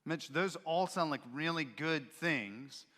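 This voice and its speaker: Preaching slowly and with animation, this pastor uses a bright, forceful tone set slightly higher than most men's. He leans into the voices he quotes for emphasis and preaches expressively, with a long sanctuary reverb ringing behind him.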